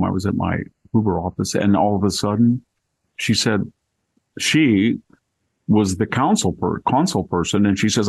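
A man's voice: lowish voice, moderate pace, gravelly, a little mellow, breathy edge, dry recording, rough recording. An older man hosting a podcast, chatting casually and telling anecdotes with plenty of asides. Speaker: podcast host. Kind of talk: casual chat.

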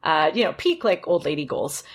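Low-voiced woman podcast co-host. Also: normal speed, husky. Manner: relaxed, many fillers and asides. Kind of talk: casual chat.

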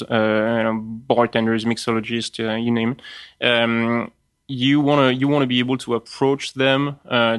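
Man, French accent, halting speech full of restarts, smooth clear voice, dry sound. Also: mid-range voice, a bit bright, no echo. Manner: halting, many restarts and fillers. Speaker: spirits importer, guest. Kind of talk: conversational interview.

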